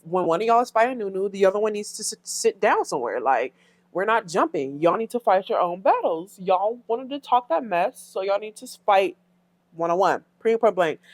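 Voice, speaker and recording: A woman's voice: mid-range voice, sing-song, fairly quick, dry recording. A young woman hosting a reality TV recap, blunt, sassy and opinionated. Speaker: commentary channel host.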